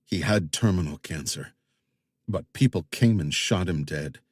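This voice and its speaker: A man voicing a grieving young woman in an audiobook, speaking quietly and earnestly. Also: low-pitched, animated, a little slow, breathy edge, dry recording, voice pushed down, heavily acted. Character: grieving young woman seeking her grandfather's killers.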